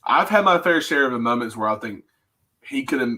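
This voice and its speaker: A man's voice: medium pitch, lively intonation, brisk, bright, forceful tone. A man co-hosting a casual sports talk show, ranting in a fired-up way and rattling off stats. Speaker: co-host.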